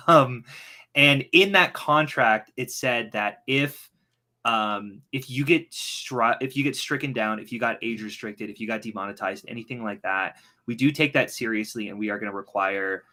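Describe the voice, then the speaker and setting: Very bright-voiced man chatting loosely. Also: medium pitch, moderate pace. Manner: easygoing, hesitant, many restarts. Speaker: guest. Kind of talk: casual political chat.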